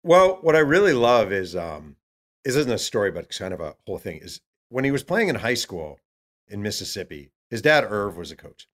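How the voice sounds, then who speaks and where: A man with a fairly low voice talks as a guest author. He tells his stories with energy and acts out the quotes of other people, with plenty of ums and uhs. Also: sing-song, fairly quick, a bit bright. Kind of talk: animated storytelling.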